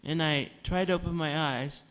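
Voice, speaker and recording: On stage in a concert hall, a singer tells a dry, humorous story to the audience, acting out the voices of the nurses and doctors. His voice is on the high side, smooth and fairly bright, with a steady tone and moderate pace.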